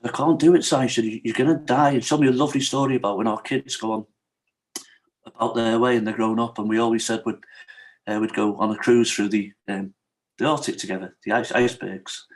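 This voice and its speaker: In an interview, a middle-aged podcast guest frankly shares a difficult personal story with real feeling, relaying other people's words to him and frequently checking in with "you know what I mean?". His voice is fairly low and steady, a little fast.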